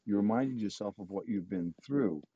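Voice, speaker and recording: A man's voice: fairly low pitch, normal speed, husky, dull audio. A man giving a motivational talk in an emphatic, coaching way, repeating his points.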